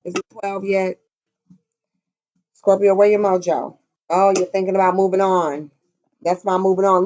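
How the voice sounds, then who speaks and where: A woman's voice: medium pitch, level tone, moderate pace, pauses often, darkish tone. Lady doing a tarot reading, cusses a lot, super casual and chatty, kinda muffled sound. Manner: blunt, profane, chatty, sings snatches. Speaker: tarot reader.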